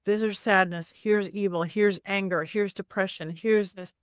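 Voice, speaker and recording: A middle-aged woman, a psychic medium, telling a story with lively swings in her voice and acting out the people in it. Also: a little slow, clean tone, dry recording, clean studio sound. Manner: acts out voices in quotes, lively swings of pitch. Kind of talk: animated storytelling.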